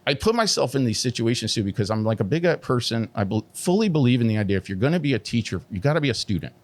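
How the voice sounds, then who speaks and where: A middle-aged man, a tattoo artist guest, telling his story candidly and animatedly, full of swearing and "like" fillers. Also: fast talker. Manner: heavy swearing, constant "like" fillers; animated, pitch jumps when emphatic.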